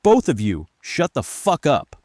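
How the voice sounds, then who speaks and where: A man playing a panicked husband who snaps and shouts in terror. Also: fairly low pitch, big pitch swings, moderate pace, dry recording, studio quality, voice pushed up. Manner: shouting, hissing, snapping.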